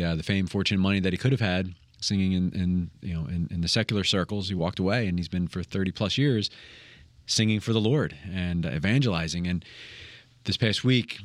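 A man hosting a program, talking in a casual way with many pauses and restarts. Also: sits low, dry recording, clean studio sound. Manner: hesitant, with many fillers and restarts. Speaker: program host. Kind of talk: casual chat.

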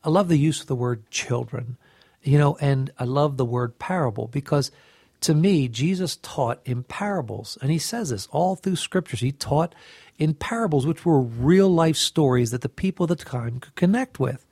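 A man's voice: on the high side, animated, moderate pace, a little mellow, dry recording, studio quality. A middle-aged man sharing an earnest, heartfelt devotional reflection and often restarting his phrases. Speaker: co-host of a faith reflection show.

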